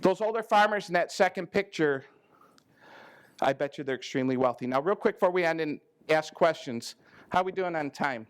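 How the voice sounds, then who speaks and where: Male speaker with a high pitch, folksy and teasing, for a live farm-conference talk to a crowd. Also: expressive, brisk, clear, resonant tone. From American Midwest. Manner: folksy, teasing, acts out quoted farmers with big pitch jumps. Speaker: ag risk management advisor giving a talk. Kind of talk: joking conference talk to farmers. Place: conference learning center room with a live audience.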